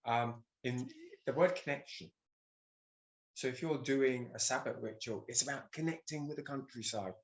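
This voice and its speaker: A man's voice: medium pitch, moderate pace. A man, a guest on a video call, explaining in a matter-of-fact, lecturing way. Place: video call from rural home.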